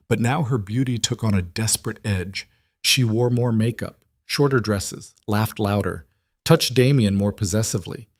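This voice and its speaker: Brief: male narrator, low voice, measured dramatic read, dry close recording. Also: darkish tone, dry recording. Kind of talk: scripted story narration.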